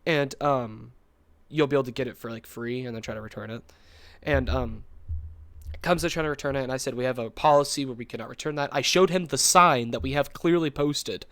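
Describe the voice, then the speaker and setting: A young man co-hosting a podcast, telling a story in a rambling, animated way, full of fillers and quick laughs. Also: mid-range voice, no room sound. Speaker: podcast co-host. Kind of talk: casual storytelling chat.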